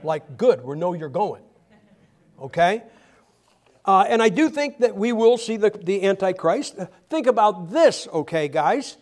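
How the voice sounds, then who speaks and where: High-voiced, animated male preacher. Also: a little slow. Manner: animated, humorous, with frequent restarts. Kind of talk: sermon.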